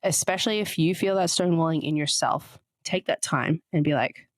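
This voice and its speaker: A woman with a low-pitched voice co-hosts a casual podcast chat. She explains ideas at length in a chatty, explanatory way. Her voice sounds dry and close, with no room echo. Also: a little fast. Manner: explanatory, chatty, often reads out quotes. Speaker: podcast co-host.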